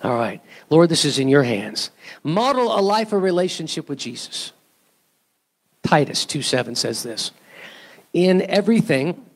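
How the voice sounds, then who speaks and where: A male pastor preaching a sermon in a church, talking to the congregation in a conversational way, with rhetorical questions and asides. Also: fairly high pitch.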